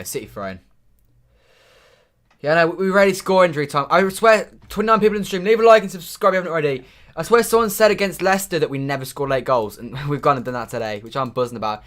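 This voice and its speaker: A young man commentating live on a football match for his stream, muttering between plays and shouting when his team scores. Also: a little high, fast. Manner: excitable, swings from muttering to shouting at goals.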